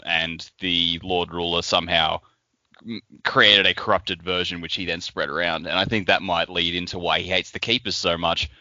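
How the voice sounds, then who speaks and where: Co-host, male, low and sharp-edged voice, rambling, swears casually. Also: dry recording, lo-fi sound. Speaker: podcast co-host. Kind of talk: casual book discussion.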